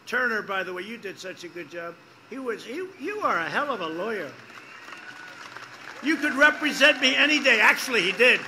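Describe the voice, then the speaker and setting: A man's voice: high-pitched, pushed and bright, a little hiss or hum. A man gives a rambling, repetitive campaign rally speech outdoors, making emphatic asides to the crowd. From United States. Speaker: politician speaking at a rally.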